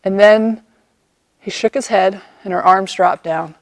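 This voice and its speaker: A woman vlogger telling a personal story in a lively way, acting out the quoted lines and laughing often. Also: mid-range voice, unhurried, no echo.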